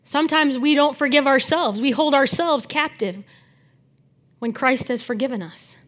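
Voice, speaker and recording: A woman preaching a sermon, animated, moving between loud emphasis and soft near-whispered asides, chatting with the congregation now and then. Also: high-pitched, moderate pace.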